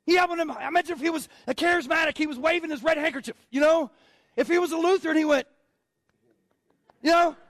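A male pastor preaching a sermon in an energetic, excitable style that swells into shouting. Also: very high-pitched, quick pace, long pauses, dry recording.

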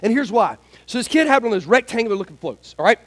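A man preaching a sermon, telling a story in an animated, joking way and acting out the scenes. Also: extremely high pitch, fast talker, rough recording. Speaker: pastor.

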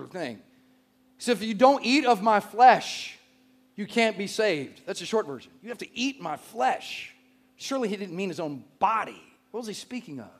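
High-pitched pastor, animated storytelling. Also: male voice. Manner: animated storyteller, shouts punchlines, drops soft for scripture. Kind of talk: sermon with humorous storytelling.

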